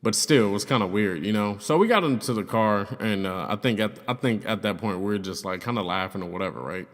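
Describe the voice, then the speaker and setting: A man's voice: fairly low pitch, lively intonation, fast. Young man telling a slangy story. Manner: loose, slangy and profane, with frequent fillers. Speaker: YouTuber telling a personal story. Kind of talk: casual storytelling. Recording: long reverb, hollow room sound.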